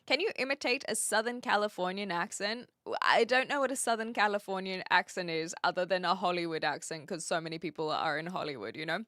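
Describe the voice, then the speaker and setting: A woman's voice: mid-range voice, normal speed, fairly bright tone, no room sound, studio quality. A young woman hosting a casual livestream, chatting, laughing often and greeting viewers by name. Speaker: livestream host. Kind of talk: casual livestream chat, reading viewer comments.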